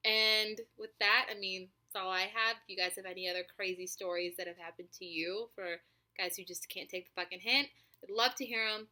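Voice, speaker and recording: A woman in her twenties telling a story to camera in a chatty, animated way, swearing freely and filling her talk with likes and ums. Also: medium pitch, fairly quick. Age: 20s. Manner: animated, profane, chatty with many fillers. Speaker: vlogger.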